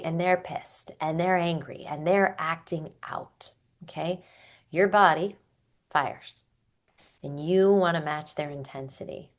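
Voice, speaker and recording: A woman parenting coach talking in a gentle, reflective way, now and then acting out how a parent might sound. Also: deep voice. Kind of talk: solo podcast talk.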